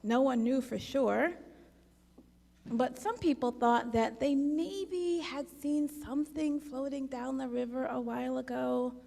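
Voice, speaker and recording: Slow high-voiced woman telling a parable. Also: creaky, dark tone. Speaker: worship leader. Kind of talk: parable storytelling in a service. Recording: long hall reverb.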